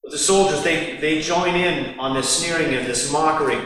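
A man's voice: a little high, moderate pace, hardly any pauses, a bit bright. A man preaching a sermon, acting out the mockers' lines with sarcasm. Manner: acts out the mockers' voices with sarcasm. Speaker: pastor. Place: large echoing hall. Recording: distant mic in a reverberant hall.

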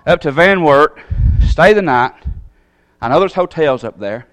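A man tells a personal story from the pulpit. His delivery is folksy and animated, swinging from quiet asides to sudden high bursts. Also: measured pace. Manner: folksy, animated storytelling with big pitch jumps. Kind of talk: storytelling sermon.

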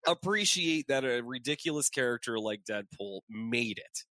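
A podcast co-host, a man with a bright, lively voice, chatting casually and cracking jokes. He swears freely as he retells a comic. The sound is dry and close to the mic. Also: mid-range voice, moderate pace, no echo. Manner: animated, joking, swears freely. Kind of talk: casual chat.

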